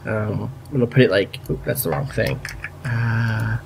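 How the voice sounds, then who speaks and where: A man's voice: on the low side, fairly even intonation, normal speed, creaky, a little hiss or hum. A man narrating a tabletop game as game master in an easygoing, joking way over an online call.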